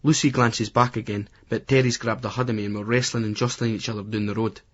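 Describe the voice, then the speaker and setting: A man's voice: on the low side, little pitch movement, quick pace, muffled recording. A man with a Scottish accent giving gritty, colloquial first-person audiobook narration. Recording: remastered poor-quality audio.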